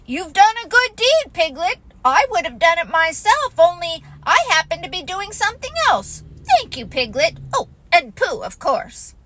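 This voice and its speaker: A woman plays a fussy storybook rabbit, bossy and self-important, laying out his plans with firm emphasis. The voice rides high and bright and swings about lively. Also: moderate pace, few pauses, exaggerated voice. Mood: pompous. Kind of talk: storybook reading.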